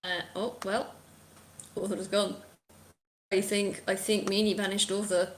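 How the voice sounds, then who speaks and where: A woman's voice: medium pitch, unhurried. Woman running a tabletop game. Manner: relaxed, hesitant, filler-heavy. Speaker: game master.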